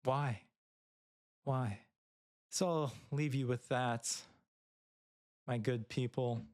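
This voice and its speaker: A man hosting his own comedy podcast, rambling through a crude, self-mocking monologue in a deadpan way. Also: mid-range voice, extremely slow, dry recording, clean studio sound. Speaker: podcast host.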